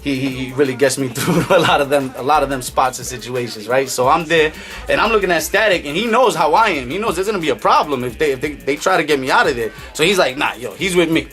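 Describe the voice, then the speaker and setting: A man's voice: a little high, fast talker, soft background music. A man casually telling a story in streetwise slang, acting out what people said. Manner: animated, streetwise slang, acts out quotes.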